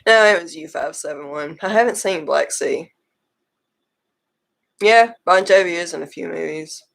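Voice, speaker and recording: A woman's voice: lowish voice, moderate pace, vocal fry. A woman co-hosting a casual livestream, laughing often and teasing while reading viewer comments. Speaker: livestream co-host.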